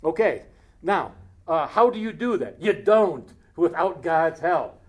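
A man preaching a casual sermon, reading scripture aloud slowly and breaking off into joking asides. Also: a little high, expressive.

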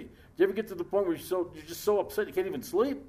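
A man preaching a sermon in a conversational, joking way, breaking off to read scripture aloud slowly. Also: high-pitched, mellow. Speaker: pastor. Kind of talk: sermon, Bible study.

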